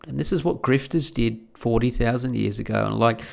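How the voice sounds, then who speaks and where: Casual male ranter, gravelly, rambling and profane, mid-pitched. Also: moderate pace, few pauses, a little mellow. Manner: profane, rambling, with many restarts. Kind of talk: casual rant.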